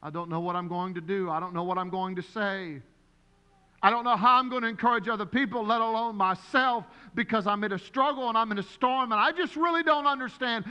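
A man preaches to his congregation in a high-pitched, bright voice. He tells stories with lively acted-out voices. His words ring through a large, reverberant sanctuary. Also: brisk, smooth, lo-fi sound. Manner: animated, storytelling with acted-out voices. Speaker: pastor. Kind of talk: sermon. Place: church sanctuary. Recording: long hall reverb.

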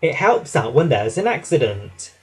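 A man voicing a kindly male train driver in a storybook reading, calm and reassuring. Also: medium pitch, moderate pace, husky.

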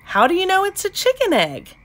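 A woman doing an excitable young frog girl. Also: high voice, a little slow, voice pushed up. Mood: excited. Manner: eager, exclaiming.

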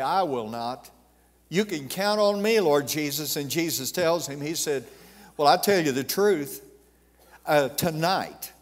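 A man preaching a sermon as pastor, swelling to emphatic peaks and dropping to a hush. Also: a little high. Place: church sanctuary. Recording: reverberant church sanctuary.

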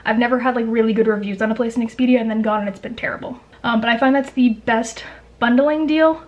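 A young woman from Canada talks fast and chattily to camera, tumbling through asides and fillers as she shares budget travel tips. Her voice sits a little high. The recording sounds a touch dull and muffled. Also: steady tone. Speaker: travel vlogger. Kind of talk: casual chat to camera.

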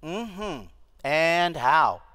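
A pastor in his fifties preaching an animated, humorous sermon to his church, with asides to the congregation. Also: on the high side, extremely slow. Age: 50s. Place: church sanctuary.

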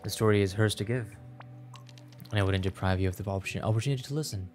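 A man's voice: on the low side, fast talker, darkish tone, soft background music, close to an everyday voice. A man playing a wise old grandpa. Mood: gentle.

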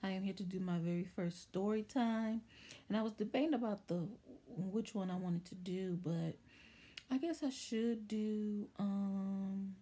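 A woman hosts a casual storytime vlog, chattily and animatedly recounting a story from her childhood. Her voice is lowish, mellow, and a bit husky, and she slips into livelier voices to act out the quotes of the people in her story.

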